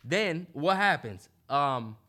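A man's voice: a little high, expressive, slow pace, pushed and bright. A man co-hosting a podcast in casual chat, talking animatedly and emphatically with lots of slang and filler ums. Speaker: podcast co-host.

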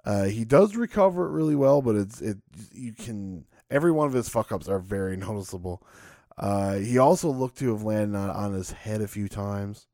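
A man's voice: on the low side, expressive, moderate pace, warm tone, no echo, clean studio sound. A man co-hosting a casual podcast, recapping matches with frequent laughs and swearing. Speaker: podcast co-host. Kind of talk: casual chat.

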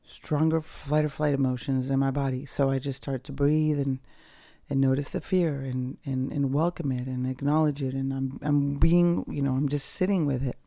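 Gravelly, candid woman musing on her podcast. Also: very deep voice, fairly even intonation, normal speed, dark tone, no echo, studio quality. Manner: candid, rambling, with frequent fillers and restarts. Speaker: podcast host. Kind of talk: personal reflective monologue. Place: at home, dogs nearby.

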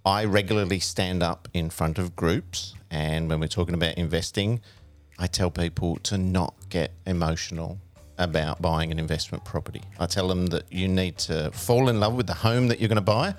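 A middle-aged man hosting a studio interview, talking in a conversational way with fillers and restarts. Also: sits low. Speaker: show host.

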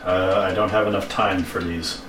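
A man's voice: low voice, fairly even intonation, normal speed, fairly bright tone, slight background noise. A man playing a game while chatting, making dry and crude quips. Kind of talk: casual gaming chat. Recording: roomy, far from mic.

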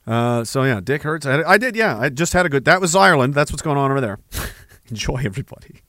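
Male podcast host, profane joker, tense bright tone, dead-dry sound. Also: mid-range voice, expressive, quick pace, dry recording. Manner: profane, joking, slips into put-on accents. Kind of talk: casual livestream talk reading chat.

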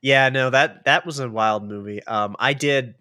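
A man's voice: medium pitch, moderate pace, bright, forceful tone. A man co-hosting a podcast in casual chat, playful and giggling as he riffs. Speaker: podcast co-host.

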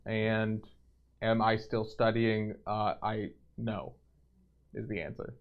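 A man's voice: lowish voice, level tone, slow, muffled recording. A man co-hosting a livestream, chatting easily about his games. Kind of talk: casual livestream chat.

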